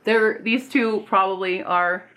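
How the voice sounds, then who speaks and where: A woman's voice: medium pitch, unhurried. A woman chatting casually in a Q&A vlog, bubbly and rambling, restarting her sentences as she thinks. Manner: talks softly and coos to her pets. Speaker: booktube author and vlogger.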